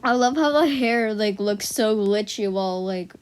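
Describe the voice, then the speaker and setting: A woman's voice: mid-range voice, moderate pace, clear, resonant tone. A teenage girl rambling casually to her viewers in a silly, chatty vlog, full of "like" and tangents. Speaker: vlogger.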